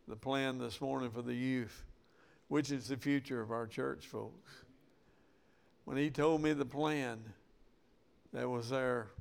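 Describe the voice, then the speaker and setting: A man's voice: medium pitch, creaky. A male pastor, preaching a sermon and acting out Bible quotes with rising emphasis.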